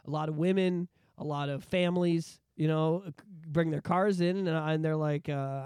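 A man, co-hosting a podcast in casual chat, ranting in a profane, animated way. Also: a little high, brisk, hardly any pauses, clear, resonant tone, no room sound, studio quality. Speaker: podcast co-host.

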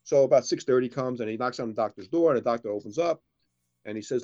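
A man's voice: medium pitch, quick pace, dark tone. A man co-hosting a casual show, telling long jokes and putting on voices for the characters in them. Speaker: co-host. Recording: dull lo-fi sound.

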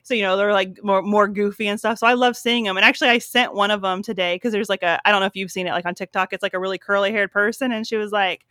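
A woman's voice: mid-range voice, steady tone, quick pace, few pauses, pushed and bright, dry recording. A woman co-hosting a podcast in casual chat, bubbly and enthusiastic, with lots of fillers. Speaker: podcast co-host.

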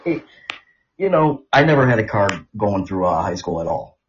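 A man's voice: on the low side, very animated, normal speed, slight background noise. A man co-hosting a casual podcast, chiming in with easygoing, blunt agreement and short remarks. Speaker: podcast co-host. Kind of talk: casual chat. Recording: dull lo-fi sound.

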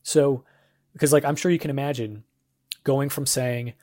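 Casting note: young adult male podcast host, mid-pitched, earnest and encouraging devotional chat. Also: moderate pace, darkish tone. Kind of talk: casual devotional podcast monologue.

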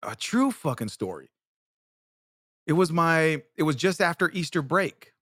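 Male show host, comic storyteller, slightly high voice, loose and profane, dry close recording. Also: big pitch swings, measured pace, fairly bright tone, no echo. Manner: rambling, profane, many restarts. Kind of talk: comedic storytelling.

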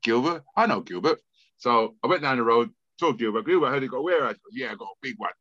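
As a guest on a podcast, a man with a London accent tells a long story animatedly, acting out other people's voices and frequently stammering and restarting his sentences. His medium-pitched voice moves at a quick pace, and the audio is dull with no room sound.

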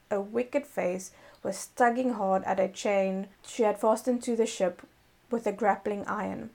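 Gravelly-voiced woman reading a fairy tale. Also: medium pitch. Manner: gentle read-aloud storytelling with self-corrections. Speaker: storyteller.

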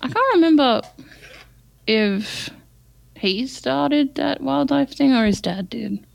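A woman's voice: high-pitched, expressive, slow, vocal fry, dry recording. Blunt woman in her twenties. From Australia. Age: 20s. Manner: blunt, swears freely, laughs often. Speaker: podcast co-host. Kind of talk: casual chat.

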